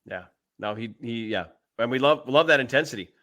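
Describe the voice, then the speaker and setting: A quick-talking podcast guest with a bright, forceful voice. He chats casually and rattles through plugs and thanks at speed. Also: medium pitch, animated. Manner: fast, upbeat promoter.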